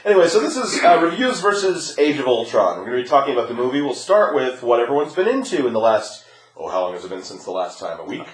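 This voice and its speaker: A man hosting a casual podcast, joking around in an animated way. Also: mid-range voice, fast talker. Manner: jokey, laughing, animated. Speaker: podcast host. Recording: roomy echo.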